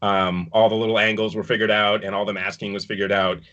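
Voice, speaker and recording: A man's voice: on the low side, little pitch movement, quick pace, fairly bright tone, muffled recording. A man casually recounting his work on a dance production, rambling with fillers and restarts, on a video call. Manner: rambling, with many fillers and restarts, chuckling at times. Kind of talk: casual recounting in an online panel discussion.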